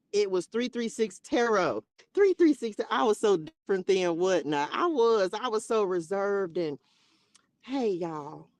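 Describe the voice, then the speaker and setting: A woman with a mid-range voice hosts a spiritual live stream, chatting casually and playfully with viewers in a loose, slangy style. There's no echo on the recording.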